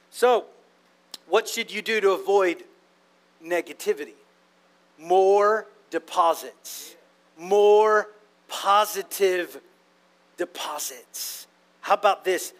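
A man's voice: sits high, a bit bright. A man. His delivery is playful and conversational. He keeps checking in with the congregation through questions. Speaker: preacher. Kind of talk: sermon.

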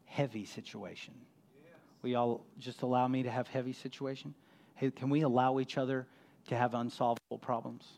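A man preaching a sermon as pastor, dropping to a hush and rising to emphatic, loud peaks. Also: mid-range voice, steady tone, moderate pace, vocal fry. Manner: swings from hushed to loud, emphatic.

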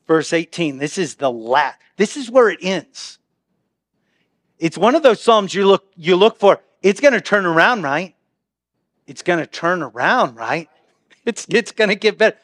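A man with a fairly high voice delivers a sermon from a church pulpit. He keeps it humorous and conversational, swinging between booming readings and hushed, quiet asides. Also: lively intonation, measured pace. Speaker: pastor. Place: church sanctuary.

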